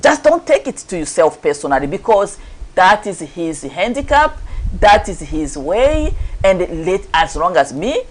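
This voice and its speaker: A woman co-hosts a faith-based wellness show, offering casual advice straight to wives and couples. Her voice swoops up and down in lively intonation as she acts out little quoted scenes. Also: fairly low pitch, measured pace, poor audio. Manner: speaks directly to wives and couples.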